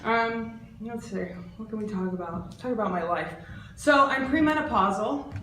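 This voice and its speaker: Animated woman comic in her forties, roomy stage sound. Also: moderate pace. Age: 40s. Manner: animated, swings into loud high-pitched voices for characters. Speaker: stand-up comedian. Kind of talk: stand-up comedy set. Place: art center stage. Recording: roomy, distant, faint background noise.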